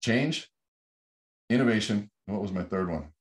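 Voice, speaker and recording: A man's voice: on the low side, animated, moderate pace, slightly rough. A middle-aged man giving a conversational, emphatic motivational talk, often repeating his points for stress. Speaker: speaker.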